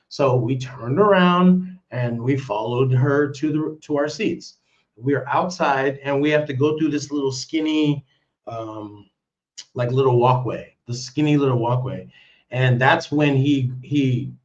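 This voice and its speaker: On a live stream, a man rambles through a story, swearing and starting his sentences over again and again. His voice is mid-range and the sound quality is lo-fi.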